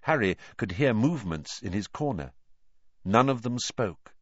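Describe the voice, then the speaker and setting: A man narrating a novel with low, lively, expressive delivery. The recording is dull and lo-fi. It is dry, with no room sound. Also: a little slow, no echo. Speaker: audiobook narrator.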